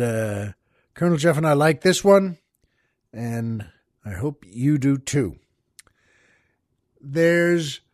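A man hosting a show, telling a long joke in an unhurried, folksy way and laughing at his own punchlines. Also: on the high side, no room sound, clean studio sound. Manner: slow, folksy storyteller who chuckles at his own jokes. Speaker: podcast host. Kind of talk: joke telling and poetry reading.

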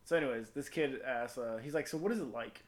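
A man's voice: mid-range voice, fast. A man telling a long crude story in casual podcast chat, rambling and full of profanity.

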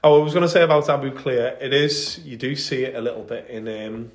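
A man's voice: medium pitch, steady tone, a little fast, reverberant. A man co-hosting a podcast, telling military history stories in a casual, enthusiastic way with many fillers. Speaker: podcast co-host.

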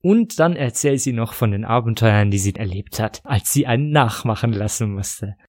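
A man hosting a podcast and reading a scripted introduction in a measured, self-deprecating way. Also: fairly low pitch, a little mellow, no echo. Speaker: podcast host.

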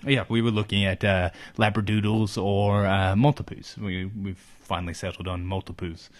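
A man's voice: on the low side, little pitch movement, moderate pace. A man from Australia hosting a comedy podcast, telling a rambling story full of fillers and rhetorical questions. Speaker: podcast host. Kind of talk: casual comedic chat.

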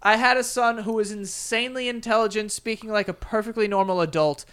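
Male podcast co-host, high voice, animated storyteller who does the voices. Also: a little fast, clean tone. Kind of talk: casual chat.

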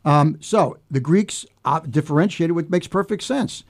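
A man's voice: fairly high pitch, unhurried. Chatty American man, laughing often. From United States. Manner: chatty, laughs often, many fillers and restarts. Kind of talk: casual chat.

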